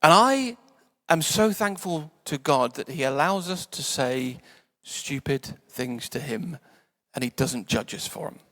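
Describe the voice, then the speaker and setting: A man preaching a sermon in a church, conversational and playful, sometimes dropping to soft quiet tones. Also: fairly high pitch, expressive, measured pace. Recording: church hall reverb.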